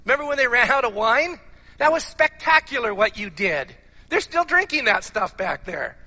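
A rambling, pleading male disciple who talks fast and pushes his point in a high, bright, ringing voice, as a preacher puts him on. His words carry a long hall reverb. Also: big pitch swings, full character voice. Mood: coaxing. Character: hesitant male disciple answering his teacher.

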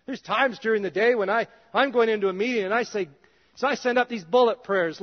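A male pastor preaching a conversational sermon in a church, his voice dropping soft and low at times. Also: a little fast. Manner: conversational, drops soft and low in quoted prayers. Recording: dull reverberant hall sound.

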